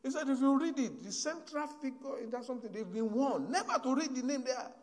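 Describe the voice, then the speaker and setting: A man preaching a sermon, telling a story and swinging from hushed asides to loud exhortation. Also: extremely high pitch, animated, brisk, in a large hall.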